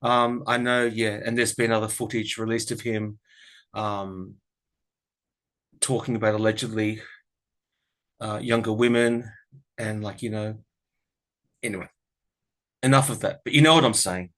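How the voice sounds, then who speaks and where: A man's voice: lowish voice, fairly even intonation, a little slow, long pauses, a bit bright. An Australian man chatting casually to camera about politics, rambling and frank. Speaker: tarot and political commentary vlogger.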